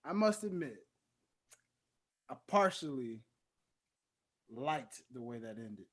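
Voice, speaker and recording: A man's voice: medium pitch, big pitch swings, slow, breathy edge. A man hosting a casual talk show, laid-back and echoing his co-host's points. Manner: laid-back, echoes and agrees with his co-host. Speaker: show host. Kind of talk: casual chat.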